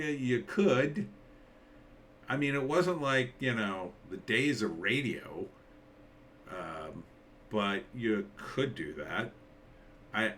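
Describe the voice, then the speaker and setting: A man's voice: bright, forceful tone, a little hiss or hum. A man in his forties from New Jersey, rambling through a casual, sardonic trailer reaction. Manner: rambling, sardonic, jumps into mock-surprised high quotes. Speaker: commentator.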